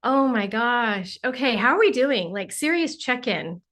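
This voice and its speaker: A woman's voice: fairly high pitch, animated, a little slow, a bit bright. A woman hosting a casual livestream, effusively greeting viewers as they join, a little sniffly from allergies. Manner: bubbly, effusive, exclaims often. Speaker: livestream host and spiritual teacher.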